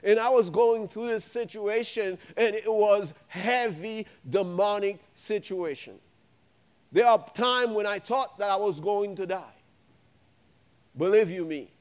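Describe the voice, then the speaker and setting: High-voiced preaching man, emphatic. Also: measured pace. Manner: emphatic preaching with repetitions and rising exclamations. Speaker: pastor. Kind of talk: sermon. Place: church sanctuary.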